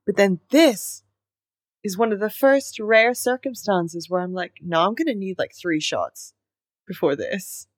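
A woman's voice: mid-range voice, unhurried, no echo. Woman chatting on a podcast, dry sound. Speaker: podcast co-host. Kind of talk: casual chat.

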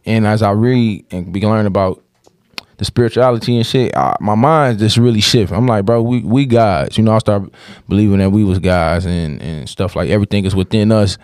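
A man's voice: on the low side, brisk, darkish tone, clear, resonant tone, no echo, clean studio sound. Man telling a rambling, profane story. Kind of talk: casual podcast conversation.

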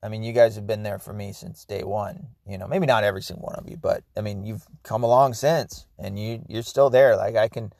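A man's voice: fairly low pitch, fairly even intonation, a little fast, vocal fry, hardly any pauses, a little mellow, no room sound, studio quality. A man hosting his own podcast, talking in a rambling, profane, ranting monologue. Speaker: podcast host. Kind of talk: casual solo monologue.

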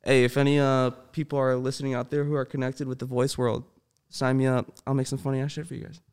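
A man's voice: mid-range voice, flat delivery, quick pace, a little mellow, clear, resonant tone. A young man hosting a casual podcast, playful and chatty, who loves doing voices.

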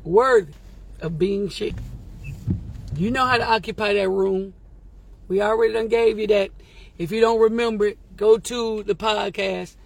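A woman's voice: mid-range voice, moderate pace, gravelly, long pauses, rough recording. A woman hosting a daily motivational podcast, talking straight to her listeners in an emphatic, preacherly way full of exclamations.

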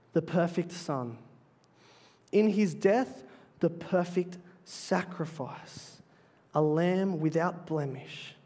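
A male pastor preaching a sermon in a church, earnest and emphatic, slowing down to stress key phrases. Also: high-pitched, darkish tone. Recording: long reverb of a large hall.

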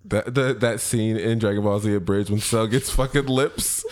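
A young man co-hosting a podcast in casual chat, jumping in with quick, excited remarks and laughter. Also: lowish voice. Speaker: podcast co-host.

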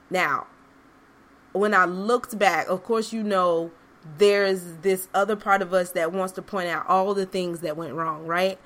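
Her voice sits on the low side, steady and unhurried with a fairly bright tone. As a podcast host, she offers listeners a reflective motivational monologue, speaking to them directly in an earnest, conversational manner.

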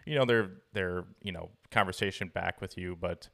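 Deep gravelly man chatting casually. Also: normal speed, fairly bright tone. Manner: rambling, hedging with fillers. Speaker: podcast co-host. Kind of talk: casual podcast chat.

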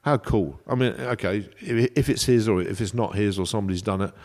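Low-voiced man telling stories. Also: a little fast. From England. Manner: rambling, anecdotal, animated storytelling. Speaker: chef. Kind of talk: casual chat.

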